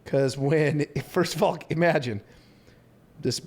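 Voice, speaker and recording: A man's voice: a little high, slow, darkish tone, breathy edge. A man co-hosting a casual podcast, riffing crudely on a bad movie and jokingly acting out its lines. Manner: crude, joking, acts out quotes mid-story. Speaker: podcast co-host.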